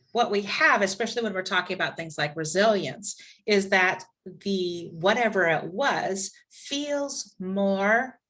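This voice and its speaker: A woman instructor leading a live online class, telling a scenario in a conversational, lively way over a video call. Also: on the low side. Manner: conversational, lively storytelling with asides.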